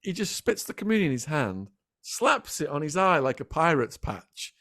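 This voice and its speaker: A middle-aged man, a podcast guest telling animated stories in a casual interview. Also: on the high side, no echo, clean studio sound. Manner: animated, quick anecdotal storytelling. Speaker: podcast guest, former prisoner.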